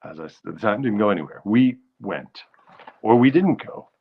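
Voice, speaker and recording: A man hosting a live stream, singing old standards slowly and chatting in a quick, joking way between songs. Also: lowish voice, expressive, vocal fry, narrow, tinny audio, a little hiss or hum. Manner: croons show tunes slowly, then chats fast and jokey. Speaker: host of a live music stream.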